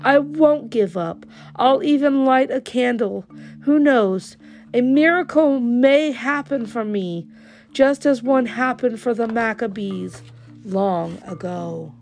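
A woman's voice: a little high, slow pace, gravelly, darkish tone, faint music behind. A woman voicing a brave, earnest young immigrant man in a storybook reading. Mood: hopeful. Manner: earnest, resolute.

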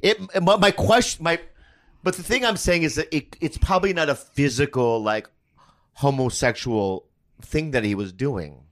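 A man's voice: fairly high pitch, moderate pace. A man hosting a podcast, chiming in with joking wisecracks during casual banter.

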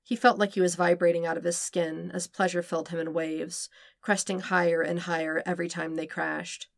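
A woman reading fan fiction aloud with steady, even narration. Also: fairly low pitch, moderate pace, gravelly, no echo, clean studio sound. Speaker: podfic reader.

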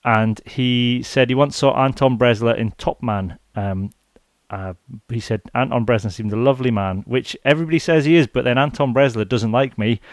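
A man's voice: medium pitch, moderate pace, dry recording, studio quality. Chatty Scottish man hosting a podcast. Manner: chatty, many ums, reads out listener messages. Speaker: podcast host. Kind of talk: casual podcast chat.

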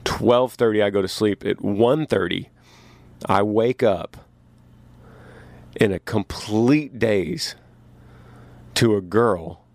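A man who tours as a musician, telling a story in a casual podcast from his tour bus, getting animated as he recounts his confusion. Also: gravelly, no room sound. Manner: animated, rises in pitch when recounting confusion. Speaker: touring musician. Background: train passing.

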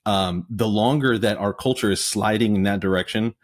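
A man hosting a conversation, speaking in a fairly low voice. He answers in a measured, thoughtful way with a few fillers. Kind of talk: conversational reply.

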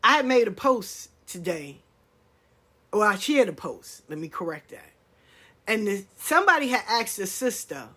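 A middle-aged woman, hosting a podcast in a blunt, animated casual monologue and swearing freely. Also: medium pitch, measured pace, breathy edge. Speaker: podcast host.

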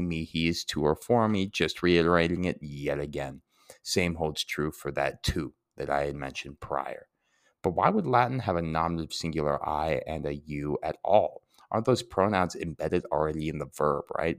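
A man's voice: low-pitched, no echo, clean studio sound. A man giving a casual Latin grammar lesson, chatty and self-deprecating, often asking rhetorical questions. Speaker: Latin teacher.

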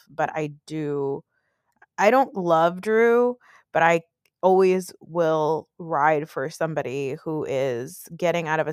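A woman's voice: deep voice, smooth, dry recording, studio quality. A woman with the flu ranting in a blunt, sarcastic way on a casual podcast, talking from her bed. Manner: ranty, blunt and sarcastic, swears freely. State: sick with the flu. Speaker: podcast host. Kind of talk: casual reality TV recap. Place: in bed at home.

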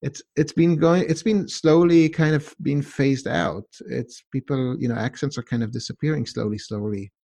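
A man's voice: medium pitch, fairly even intonation, moderate pace, creaky, few pauses, dark tone. A man with a hard-to-place mixed accent, a podcast guest in his home office, chatting casually and often asking "right?". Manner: conversational, says "right?" often.

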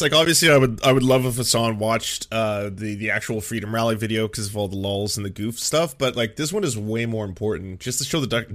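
A Canadian man with a Canadian accent hosting a live stream, talking in an animated way with quick casual asides. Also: lowish voice. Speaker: streamer host.

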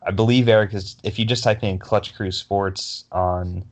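A young man with a low voice co-hosts a casual sports podcast. He rambles through his stories, full of fillers and restarts. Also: fairly even intonation, moderate pace. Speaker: podcast co-host.

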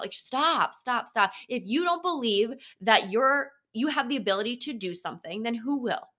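A young woman with a bright, forceful voice hosts a motivational podcast monologue. She talks bluntly, swears without a second thought, and keeps it animated with playful asides. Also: a little high, fairly quick, few pauses. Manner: blunt and profane, swearing freely; animated, slips into mocking voices of others. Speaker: podcast host.

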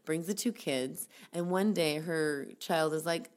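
Woman, low pitch, rambling storyteller, casual chat, lots of fillers. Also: a little slow. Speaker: podcast co-host telling a story.

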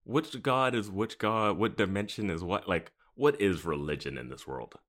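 A man's voice: fairly low pitch, moderate pace, a bit bright. A man co-hosting a podcast, chatting casually and cracking wry jokes between laughs. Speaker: podcast co-host. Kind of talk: casual chat.

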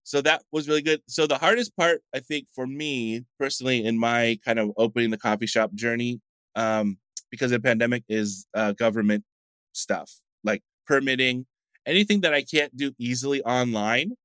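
Middle-aged guy from the states, bright forceful voice, rambly chatty storyteller, dry close sound. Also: mid-range voice, moderate pace, no room sound. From United States. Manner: chatty, rambling anecdotes with frequent fillers. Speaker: coffee shop founder, guest. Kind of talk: casual interview storytelling.

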